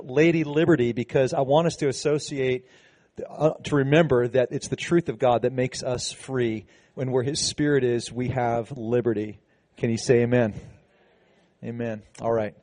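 A man's voice: mid-range voice, steady tone, normal speed, a little mellow. A man, a pastor, giving a sermon in a conversational, preaching way, with frequent restarts and emphatic passages.

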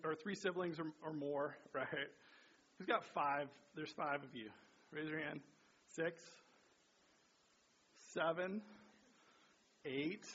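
Bright, husky-voiced man preaching. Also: on the high side. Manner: chatty, lots of "right?" and "you know". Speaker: pastor. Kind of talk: sermon. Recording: dull lo-fi sound.

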